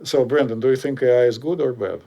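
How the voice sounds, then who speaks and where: A man's voice: medium pitch, fast, mellow, highs cut off. A man with a Russian accent hosting a casual podcast chat, explaining things in a meandering, hesitant way. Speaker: podcast host.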